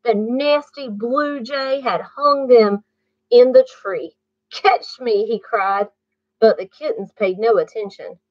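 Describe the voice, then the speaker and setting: A woman reading a bedtime story aloud to children, pausing to ask the listener questions. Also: a little high, a little mellow, no room sound. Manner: slow, asks the listener questions. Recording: muffled dry recording.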